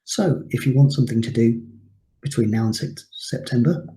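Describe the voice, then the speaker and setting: Man, teacher, explanatory lesson, very mellow dark tone, roomy echo. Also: mid-range voice, normal speed. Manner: explanatory, with frequent ums. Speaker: English teacher. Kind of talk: recorded lesson. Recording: echoey room.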